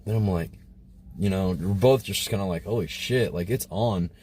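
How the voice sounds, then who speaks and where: A man's voice: low-pitched, normal speed, darkish tone, a little hiss or hum. A man hosting a livestream, telling a crude story in a rambling, casual way with lots of filler words. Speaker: livestream host. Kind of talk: casual storytelling to a live chat.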